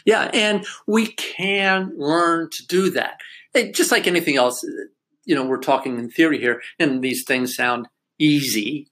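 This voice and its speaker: A man's voice: on the high side, measured pace, fairly bright tone. An older man in casual chat, telling a family story in a reflective way and laughing now and then.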